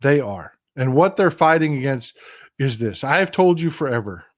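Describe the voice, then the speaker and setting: A man's voice: medium pitch, very animated, moderate pace. An older man hosting a political commentary livestream, talking with passion and emphasis, repeating phrases, and reading viewer comments aloud. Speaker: livestream host.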